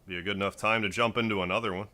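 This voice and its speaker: Male streamer, casual and chatty with viewers, sharp bright tone, slightly low voice. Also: steady tone, very fast. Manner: chatty, greets viewers by name. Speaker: game streamer. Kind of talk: casual livestream chat. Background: faint game music.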